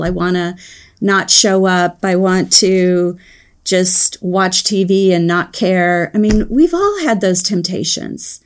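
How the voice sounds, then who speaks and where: A woman giving a reflective devotional talk, earnest and searching, pausing often with soft fillers as she speaks. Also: medium pitch, creaky.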